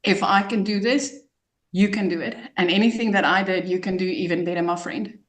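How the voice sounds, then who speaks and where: A woman with a South African accent giving an emotional, excited testimonial as a guest. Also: medium pitch, fairly quick, roomy sound. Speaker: guest client.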